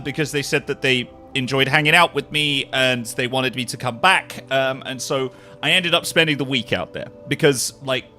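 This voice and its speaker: A man chatting casually with his livestream viewers, jet-lagged, animated, swearing freely and laughing often. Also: mid-range voice. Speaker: live streamer.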